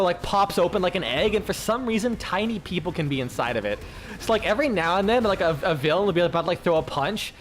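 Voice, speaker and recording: A man's voice: high voice, fairly bright tone, slight background noise. A man chatting casually with his stream viewers, rambling, full of fillers and swearing freely.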